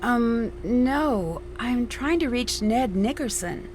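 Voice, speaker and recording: A young detective in a mystery game, calm and matter-of-fact, kind under the caution. Her voice sits a little high, with a faint hiss in the background. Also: slow pace. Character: young woman detective, level-headed and kind. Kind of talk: video game voice acting.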